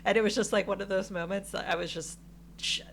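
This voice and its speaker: A woman co-hosting a podcast, telling a travel story in casual chat, animated and laughing often. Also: mid-range voice, fast, vocal fry, slight background noise. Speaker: podcast co-host.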